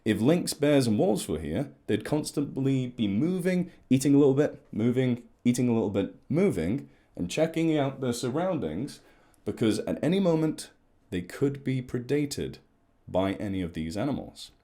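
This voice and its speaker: A man's voice: mid-range voice, animated, normal speed, mellow. A man, an ecologist chatting at length and in a rambling way as he explains to camera.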